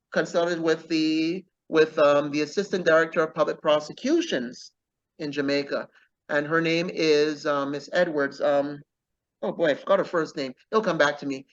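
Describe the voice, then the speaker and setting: On the high side and fairly bright, this man's voice comes through dull audio. Interviewed casually as an author, he speaks earnestly and keeps attaching "okay?" as a tag to what he says.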